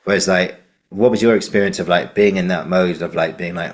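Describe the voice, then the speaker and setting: A male podcast host with a very low voice tells a story in a casual, meandering way. He often pauses on fillers and restarts. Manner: rambling with frequent fillers.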